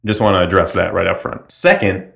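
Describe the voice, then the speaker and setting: A man acting out a brash blue-collar character on a comedy podcast. His voice sits very low, and his talk is crude and needling. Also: fairly quick, gravelly, fairly bright tone, full character voice. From greater Boston area. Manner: abrasive, crude, teasing. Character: crude abrasive blue-collar man, glue factory worker.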